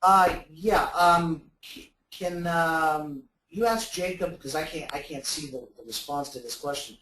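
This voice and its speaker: A man's voice: a little high, unhurried, pushed and bright, echoey room, slight background noise, low-quality recording. A man giving sales advice as a webinar guest, talking in a rambling way with many fillers and restarts. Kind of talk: webinar talk.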